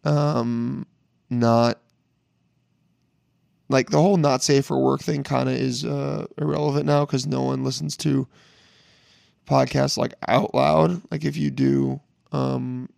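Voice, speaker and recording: Hoarse young man with gravelly voice. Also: medium pitch, fairly even intonation, slow pace, pauses often, darkish tone, no echo, studio quality. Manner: rambling, joking, profane. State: hoarse, recovering from lost voice. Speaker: podcast host. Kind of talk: casual solo podcast intro.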